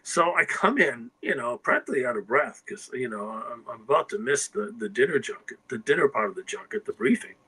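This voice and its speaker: A man's voice: medium pitch, very animated, brisk, few pauses, bright, forceful tone, husky, poor audio. An older man, a guest writer, telling anecdotes in a rambling conversational way, often checking in with "you know" and "okay?". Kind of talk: casual anecdotal storytelling.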